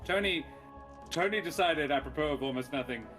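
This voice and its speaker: A man's voice: a little high, animated, fairly quick, fairly bright tone, faint music behind. Chatty, jokey man. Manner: jokey, rambling, laughs often. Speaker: player. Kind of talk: casual pre-game chat.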